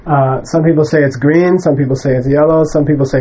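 Brisk and steady, a man with a slightly high, dark-toned voice teaches Buddhism to students in a conversational style. He dismisses wrong views bluntly and frequently checks in with "okay?". The recording quality is low.

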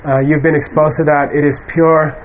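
A man teaches a class of students in a relaxed, rambling way, full of fillers and side remarks. His voice sits a touch high. The old lo-fi recording is muffled, with a faint hiss underneath. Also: moderate pace. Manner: conversational, many fillers and asides. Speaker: Buddhist teacher. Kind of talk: informal dharma lecture to students. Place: lecture room with an audience.

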